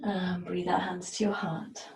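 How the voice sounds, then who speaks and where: A woman yoga teacher talks a class through breath and movement in a slow, soft cadence. Her voice is mellow and dark, and it rings in an echoey room. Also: fairly low pitch, level tone, creaky. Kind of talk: guided yoga class instruction.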